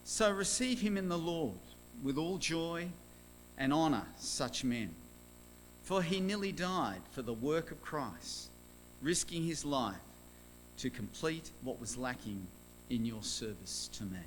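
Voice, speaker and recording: A man reading a Bible passage aloud in church, measured and solemn. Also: on the high side, lively intonation, a little hiss or hum. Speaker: scripture reader.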